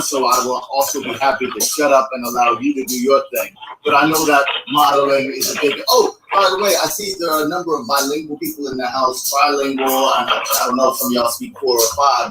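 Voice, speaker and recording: A man's voice: mid-range voice, pushed and bright, a little hiss or hum. A man hosting a freestyle jam, rapping loosely and chatting between rhymes. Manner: laid-back rhyming, chatty asides. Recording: echoey room, mic at a distance.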